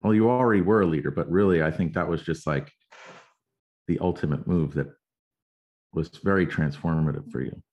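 A male interviewer with a very low voice reflects warmly on his guest's story and affirms it. The recording sounds muffled and lo-fi. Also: normal speed, pauses often. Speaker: interviewer, host. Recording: dull lo-fi sound.

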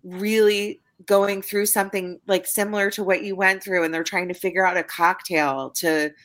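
A woman hosting a podcast interview, talking in an emotional, halting way with repeated words, near tears. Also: mid-range voice, fairly even intonation, fairly bright tone. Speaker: podcast host.

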